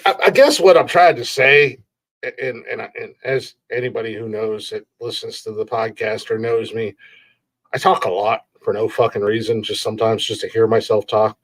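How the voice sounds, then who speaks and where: A man's voice: fairly low pitch, steady tone, moderate pace. A man hosting a podcast, ranting in a rambling, profane way and laughing at his own jokes. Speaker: podcast host.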